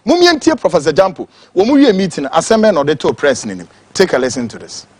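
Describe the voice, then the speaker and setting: Angry ghanaian guy ranting about politics, high voice, swings all over, kinda husky, dry sound. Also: very animated, fast talker, dry recording. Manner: angry, shouting, mixing English and Twi. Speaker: political commentator. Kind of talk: impassioned political rant.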